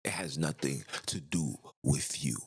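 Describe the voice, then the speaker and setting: A man's voice: very deep voice, unhurried, slightly rough. A man hosting a podcast, delivering an emphatic, ranting monologue full of rhetorical questions. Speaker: podcast host. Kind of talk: impassioned monologue.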